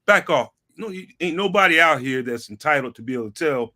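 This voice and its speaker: A man guesting on a sports talk show, talking in an animated, slangy way and repeating phrases for emphasis. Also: fairly high pitch, quick pace. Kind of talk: casual sports talk chat.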